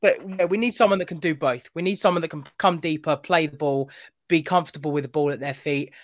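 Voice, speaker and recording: A man's voice: on the high side, fast talker. A man giving opinions on a football podcast call, often repeating words as he talks. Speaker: podcast panelist. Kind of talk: casual football chat.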